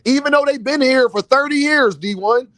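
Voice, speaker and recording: A man's voice: very high voice, normal speed, a bit bright, no room sound. A man hosting a casual boxing chat, joking, insistent and full of slang. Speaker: podcast host.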